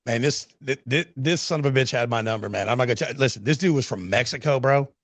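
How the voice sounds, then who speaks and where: A man's voice: medium pitch, fast, a bit bright, no room sound. Brash storytelling man, dry close mic. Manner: brash, storytelling, says bro a lot. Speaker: podcast host. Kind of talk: casual interview chat.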